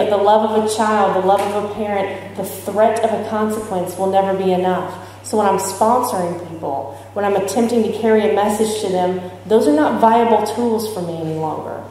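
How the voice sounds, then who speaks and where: A woman's voice: mid-range voice, dark tone, slight background noise. Joking woman speaker in an echoey hall. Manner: candid, joking, asks the audience questions. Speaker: speaker sharing recovery experience. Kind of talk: talk at a recovery convention. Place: large hall with audience.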